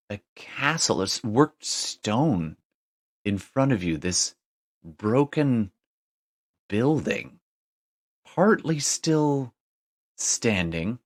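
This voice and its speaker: Deep-voiced man running a tabletop game. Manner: descriptive, rambling with frequent fillers and restarts. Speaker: game master.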